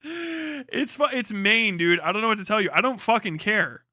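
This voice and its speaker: A man's voice: sits high, lively intonation, normal speed, bright, forceful tone. A young man from the United States ranting bluntly and profanely in casual live-stream commentary.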